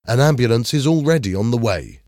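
A man's voice: medium pitch, lively intonation, fairly quick, a little mellow, dry recording, clean studio sound, voice pushed up, natural voice. A man voicing a resourceful teenage schoolboy who speaks with earnest urgency.

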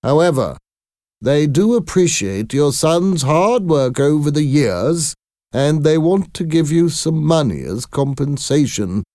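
A man voicing a nervous, formal company messenger in a storybook reading, speaking slowly and stiffly. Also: fairly high pitch, animated, dark tone, dry recording, clean studio sound, pitched above the performer's own voice.

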